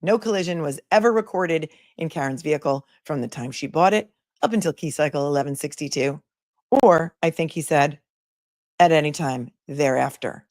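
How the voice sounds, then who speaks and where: A woman's voice: sits low, moderate pace, darkish tone, no room sound, studio quality. A woman hosting a live commentary stream, chatting casually, joking and reading viewer comments aloud. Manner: chatty, jokey, reads chat messages aloud.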